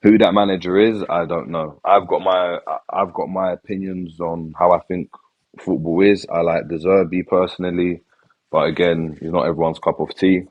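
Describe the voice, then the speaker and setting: Man, panel guest, very deep voice, measured, unhurried. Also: fairly even intonation, lo-fi sound. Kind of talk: casual football discussion.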